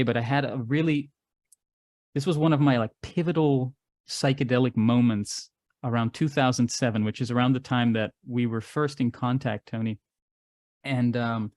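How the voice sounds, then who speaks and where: A man's voice: medium pitch, darkish tone, no room sound. Male artist-guest who tells long, musing stories in a dry, close recording. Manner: expansive, philosophical storytelling. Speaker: regular podcast guest, artist and musician. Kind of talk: casual conversation.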